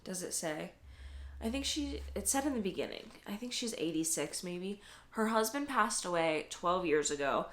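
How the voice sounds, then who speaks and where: Young woman, casual book vlog, slightly low voice, chatty, teary, laughs and swears. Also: animated, moderate pace. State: teary, close to crying. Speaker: book vlogger.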